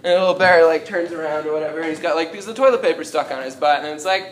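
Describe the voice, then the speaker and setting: A young man does live stand-up in a small coffeehouse, talking fast with hardly any pauses in a voice on the high side, rambling and self-deprecating with lots of ums. The room is echoey and the live audience is noisy.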